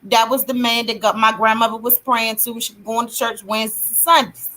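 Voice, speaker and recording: A middle-aged woman hosting a livestream, telling her testimony in a casual, animated way and greeting chat viewers. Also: a little high, fairly quick. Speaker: livestream host.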